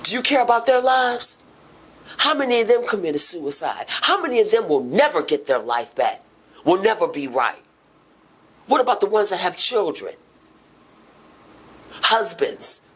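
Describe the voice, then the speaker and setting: A middle-aged woman gives personal testimony on a podcast. Her voice is husky and breathy, with a lively pitch that swings widely. She goes from hushed and tearful to loud and impassioned. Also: a little slow, pauses often. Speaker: podcast host.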